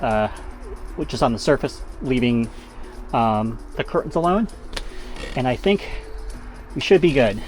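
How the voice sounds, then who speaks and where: A man casually narrating as he cleans, rambling with fillers and self-corrections, a bit out of breath, inside a camper van on a camera mic that he moves around. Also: mid-range voice. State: slightly out of breath from working. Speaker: vlogger. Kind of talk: casual narration while working.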